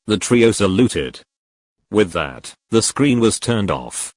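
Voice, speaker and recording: A man reading a fan fiction story aloud as narrator, in a lively storytelling way, close to the mic. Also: lowish voice, slow pace, no echo.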